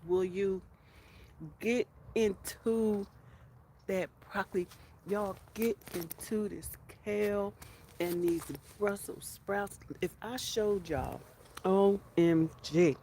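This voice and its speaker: A woman gives an excited, chatty tour of her garden outdoors. She keeps repeating herself and calls out to her viewers as y'all. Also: on the low side, a little hiss or hum. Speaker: homestead vlogger.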